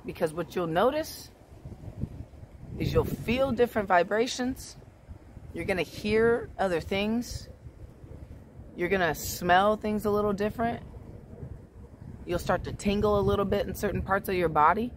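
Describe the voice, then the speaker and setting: A woman vlogging in a casual, relaxed way about spiritual growth, often checking in with "right?". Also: medium pitch, measured pace, long pauses, a little hiss or hum. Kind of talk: casual spiritual vlog talk.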